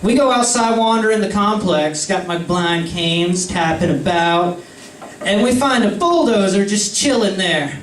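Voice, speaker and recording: Young guy, high voice, heard from a distance in an echoey room, spins a profane party story with a faint hum behind him. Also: animated, a little slow. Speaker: storyteller among friends. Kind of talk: casual anecdote. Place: indoor room with friends. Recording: roomy, distant mic, faint ambience.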